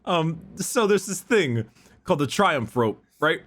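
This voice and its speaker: Male podcast host, casual lore explainer, profane and halting. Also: on the high side, lively intonation, a bit bright. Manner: halting, profane, stumbles over words.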